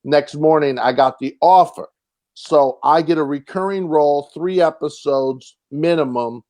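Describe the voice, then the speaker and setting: A young man, a comedian and actor, telling a rambling, animated story with frequent restarts and casual swearing. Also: fairly high pitch, measured pace. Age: young adult.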